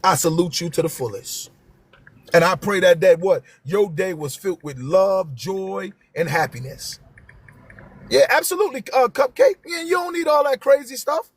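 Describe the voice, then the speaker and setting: A man's voice: high voice, normal speed, slightly rough. A man, hosting a live stream and talking to viewers with passion, repeating his key phrases for emphasis.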